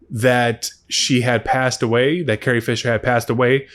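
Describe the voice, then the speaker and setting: A man giving a casual spoken movie review, rambling and swearing freely with animated asides. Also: medium pitch.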